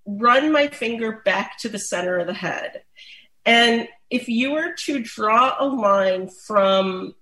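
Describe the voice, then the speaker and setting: A woman explaining dog massage in a relaxed, chatty way, with many fillers and restarts. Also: fairly high pitch. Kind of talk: casual instructional talk. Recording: roomy echo.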